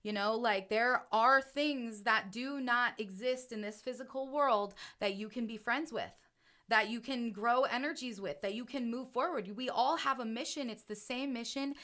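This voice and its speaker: Bright, earnest spiritual podcast woman. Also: fairly high pitch, moderate pace. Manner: earnest and emotional, often tags "right?". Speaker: podcast co-host and self-described channel.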